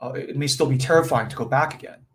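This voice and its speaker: A man's voice: medium pitch, quick pace. Chatty man teaching with many fillers. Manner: conversational, full of fillers and "right?" check-ins; acts out brief quoted voices with chuckles. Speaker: spiritual teacher leading a session. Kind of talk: informal spiritual teaching on a folk tale.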